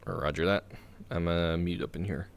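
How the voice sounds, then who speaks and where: A man's voice: deep voice, steady tone, normal speed, gravelly, heavy background noise. A man from the United States streaming a tabletop game as a player, chatting casually, teasing and swearing freely.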